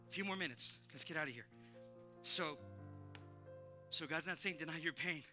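A man preaching a sermon as pastor, telling a personal story with emphatic repetition and animated delivery. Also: a little high, normal speed, long pauses, over music. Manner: animated, emphatic, repeats phrases, laughs with congregation. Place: church sanctuary.

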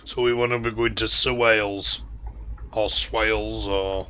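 A man's voice: fairly low pitch, level tone, a little slow, bright, forceful tone, slight background noise. A man with a Yorkshire accent giving casual, rambling commentary while playing a driving game. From Yorkshire, England. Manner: rambling, chatty storyteller. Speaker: gaming channel host.

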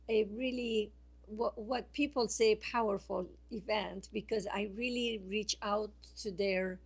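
A woman guest speaking by phone on a radio show, telling a personal story slowly and haltingly, with many fillers and restarts. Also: medium pitch, slightly rough. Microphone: phone line.

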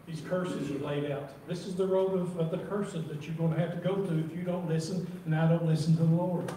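A man preaching a sermon in church, reading scripture slowly and repeating words as he talks. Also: on the high side, flat delivery, dark tone. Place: church sanctuary. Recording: roomy echo from far off, faint noise.

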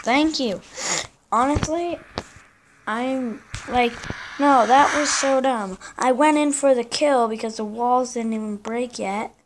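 A woman giving casual live commentary on her own gameplay, chatting in slang and breaking into excited yelps and repeated protests. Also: on the high side, slow, slight background noise.

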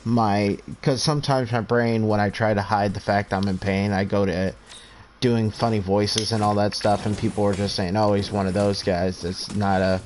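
A man's voice: on the low side, level tone, moderate pace, a little mellow, slight background noise. A man in his twenties with a stutter, hosting a game stream and talking in an earnest, rambling, heartfelt way. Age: 20s. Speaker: streamer host. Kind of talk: casual chat while streaming a game.

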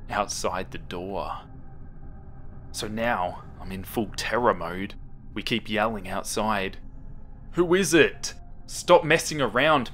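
A man narrates a creepypasta horror story in a slow, hushed delivery. His voice sits low, and he lets it sink to a whisper in tense moments. Faint music plays beneath him.

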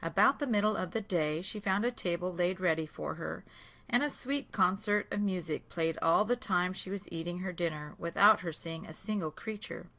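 A woman narrating a fairy tale aloud in a slow, clear reading voice. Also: lowish voice, pushed and bright.

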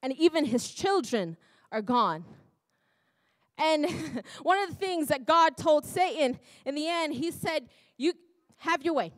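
A woman's voice: sits high, lively intonation, takes it slowly, dry recording. A woman preacher delivering a sermon in a church, often laughing, breaking off and exclaiming to herself. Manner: laughing, self-interrupting, exclamatory.

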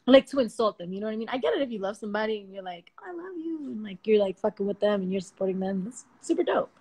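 A woman's voice: medium pitch, rapid-fire, darkish tone, breathy edge. A young woman in her twenties chats on a late-night livestream, speaking into her phone. She sounds slangy and playful and laughs easily as she riffs with her viewers. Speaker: livestream host. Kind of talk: casual livestream chat. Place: home at night.

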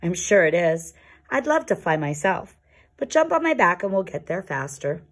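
A woman doing a gentle little male polar bear. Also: on the low side, big pitch swings, moderate pace. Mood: earnest. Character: young male polar bear, curious and easily startled.

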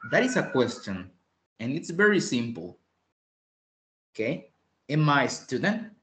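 Slow, patient teacher, roomy sound. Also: male voice, mid-range voice, very animated, fairly bright tone. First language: Spanish. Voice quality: clears throat often. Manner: patient, repeats phrases, switches between English and Spanish. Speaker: English teacher. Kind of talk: online English lesson. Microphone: online class call. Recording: roomy echo.

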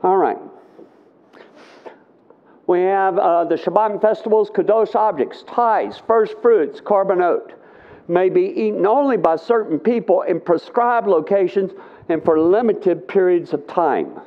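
A middle-aged man leads a live conference Bible teaching in an unhurried, conversational way, often pausing to ask his listeners "okay?". His voice sits a little high for a man. The sound is thin and tinny, like a phone line.

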